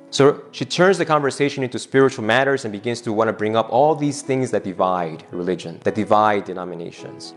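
A male pastor with a fairly low voice tells a scripture story during his sermon. He slips into the voices of the people in the scene as he retells it. Soft guitar music plays faintly behind him. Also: brisk, hardly any pauses. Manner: retells the scripture scene, acting out both speakers' lines.

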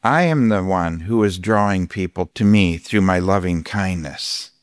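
A man voicing God as a gentle, calm presence, speaking in a hushed, slow, tender way. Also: low voice, clear, resonant tone, dry recording, studio quality, voice pushed down.

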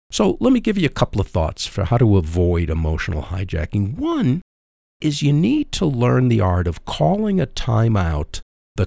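A middle-aged man hosting a faith-based relationship advice radio talk, emphatic and preacherly, pausing for emphasis. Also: on the low side, creaky, darkish tone, no room sound, studio quality. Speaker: radio program host.

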